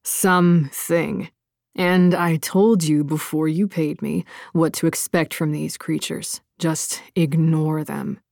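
A woman reading an audiobook voices a blunt, dismissive male mountain guide in a slightly lowered voice. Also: little pitch movement, slow, gravelly, a little mellow, no room sound, studio quality. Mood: gruff.

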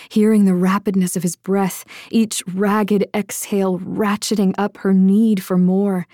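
A woman's voice: medium pitch, warm tone, husky, dry recording, studio quality. A woman narrating a romance audiobook in an intimate manner, often dropping to a whisper.

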